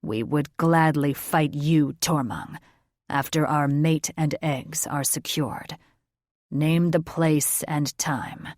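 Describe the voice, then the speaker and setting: A woman's voice: low-pitched, steady tone, takes it slowly, darkish tone, dry recording, studio quality, pitched below the performer's own voice. A woman doing a tense young dragon man. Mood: strained. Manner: strained, controlled. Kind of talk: audiobook character voice.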